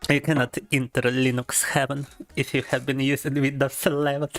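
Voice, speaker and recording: A man's voice: mid-range voice, flat delivery, normal speed, fairly bright tone. A young man chats on a live stream. He rants in an overblown mock-tragic tone and flips between two languages. Game music plays faintly behind him. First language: Russian. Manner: mock-dramatic rambling, bilingual switching. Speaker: gaming streamer. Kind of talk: casual live-stream chat.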